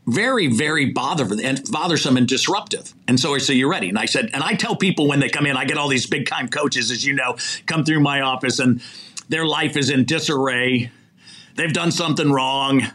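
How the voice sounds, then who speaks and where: On a podcast, an older executive recruiter recounts stories animatedly, voicing quoted dialogue and chuckling as he goes. His voice is medium-pitched and bright, with a forceful tone at a moderate pace.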